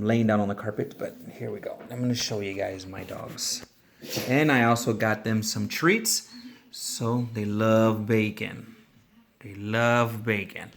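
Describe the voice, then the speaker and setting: A man reads a picture book to children and talks it through slowly and gently. His voice stays soft and calm, and he takes his time with every point he explains. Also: on the low side. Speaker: storyteller for children. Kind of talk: reading a picture book aloud and chatting.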